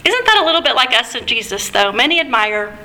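A woman's voice: on the high side, sing-song, fast talker, bright, forceful tone, poor audio. A woman preacher delivering a conversational sermon, asking her listeners questions. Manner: conversational, asks the congregation questions.

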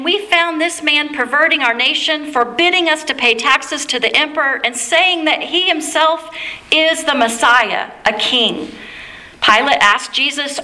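Bright-voiced woman reading scripture. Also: high voice. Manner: measured, reverent reading. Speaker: scripture reader. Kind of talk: liturgical Bible reading.

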